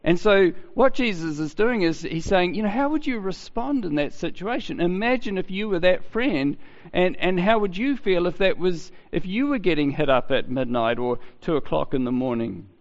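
A man preaching a sermon in a chatty, halting way, often restarting his sentences. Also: high-pitched, lively intonation. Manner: conversational, halting with many restarts. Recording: dull sound with long hall reverb.

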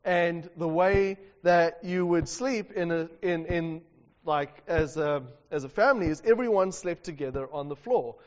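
A man preaches a sermon, telling a story with animated energy and frequent laughter. His voice is high, and the recording is muffled and dull, with a long hall reverb trailing his words. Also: unhurried.

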